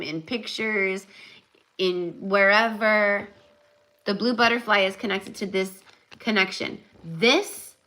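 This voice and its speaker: A young woman with a bright, forceful voice talks through a live tarot reading. She rambles casually, full of "like" and "um", then slows right down to press a spiritual point home. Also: medium pitch, rough recording. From California. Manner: chatty, rambling, many fillers and "like". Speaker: tarot reader.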